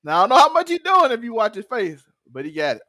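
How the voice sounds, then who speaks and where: A man's voice: very high voice, fast, dry recording, studio quality. A man co-hosting a podcast, chatting casually about a TV episode, laughing often and acting out characters' lines. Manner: animated, laughs often, acts out quotes. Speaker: podcast co-host. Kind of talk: casual TV recap chat.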